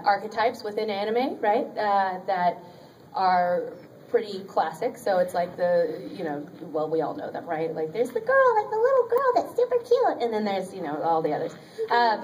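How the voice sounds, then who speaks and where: A woman's voice: lowish voice, a little mellow. Woman voice actor at a con panel, chatty and upbeat, lots of ums and laughs, mic kinda far off, faint hiss. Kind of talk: convention panel talk giving career advice. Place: convention panel room with an audience. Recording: distant audience recording in a convention room.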